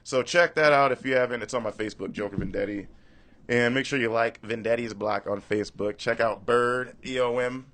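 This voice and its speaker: A man's voice: medium pitch, brisk, a bit bright. A man hosting a casual talk show, telling stories loosely and laughing at himself. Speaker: podcast host. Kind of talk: casual chat.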